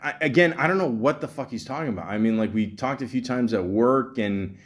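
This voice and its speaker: A man's voice: mid-range voice, a little fast. A man hosting a podcast, telling a long story in a rambling, exasperated way, stumbling over repeated words and swearing often. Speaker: podcast host. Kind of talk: casual storytelling monologue.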